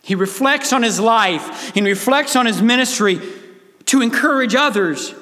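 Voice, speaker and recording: A pastor delivers an earnest, emphatic sermon, speaking straight to his congregation. His man's voice sits very high. The sound rings with a long reverb from the church hall. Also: normal speed, bright, forceful tone. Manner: earnest, emphatic preaching with direct appeals to listeners.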